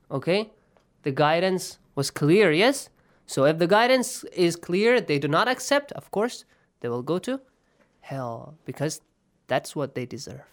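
A man teaching Quran recitation rules in a lesson, explaining patiently and checking understanding often. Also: fairly high pitch. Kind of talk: online tajweed lesson.

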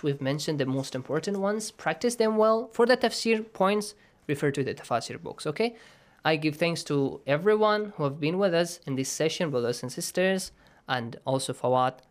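Man, tajweed teacher, patient, step by step, asks "yes?" often. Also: a little high. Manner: patient, step-by-step explaining, checks understanding with "yes?". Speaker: Quran recitation teacher. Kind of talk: radio Quran lesson.

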